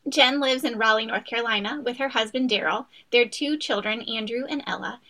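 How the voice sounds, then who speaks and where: A woman's voice: on the high side, brisk, sharp tone. A woman co-hosting a podcast, reading an upbeat scripted introduction of her guest. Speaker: podcast co-host.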